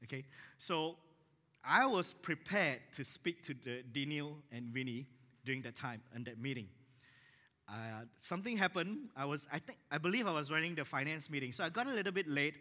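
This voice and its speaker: A man pastor telling a story in a sermon, acting out the dialogue with lively energy. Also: a little high, normal speed. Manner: animated, acts out dialogue in his stories. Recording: echoey hall reverb.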